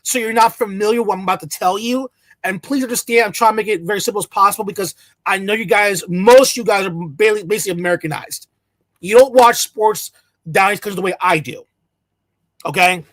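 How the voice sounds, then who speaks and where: A fired-up commentator rants alone to the audience, swearing freely and mocking opponents with sarcastic quoted asides. The voice sits at a middling pitch. The recording is dry and close, with no room sound. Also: fast, a bit bright, dry recording. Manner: heated, profane, sarcastic, mocks others in quoted voices. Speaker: channel host. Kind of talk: solo ranting commentary to camera. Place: in the United States.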